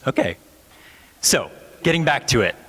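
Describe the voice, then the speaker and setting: A man's voice: mid-range voice, very animated, moderate pace, a bit bright, breathy edge. A man from Ohio, a pastor in his thirties, preaching a sermon as a wry, self-mocking personal story in a large church sanctuary. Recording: long hall reverb in a church.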